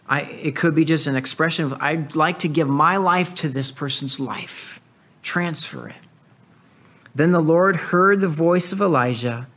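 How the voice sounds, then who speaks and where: A man with a slightly raised speaking pitch delivers an earnest expository sermon. He walks through a scripture passage, reading it aloud and reflecting on it. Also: gravelly, a bit bright. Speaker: pastor.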